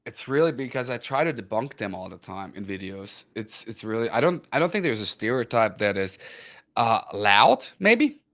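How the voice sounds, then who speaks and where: Man, German accent, casual talk, slow careful pronunciations. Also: medium pitch, big pitch swings. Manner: explains pronunciations slowly, self-aware about a loud voice. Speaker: host. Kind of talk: casual chat.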